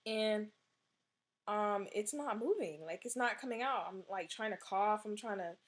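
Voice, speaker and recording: A young adult woman telling a personal story in a casual, animated way, full of "like" and "you know" and the odd swear word. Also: medium pitch, unhurried. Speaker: vlogger.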